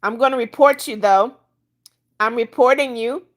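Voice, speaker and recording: At a normal speed and in a slightly high voice, an older woman reads viewer comments aloud during a casual livestream. She's blunt about removing troublemakers.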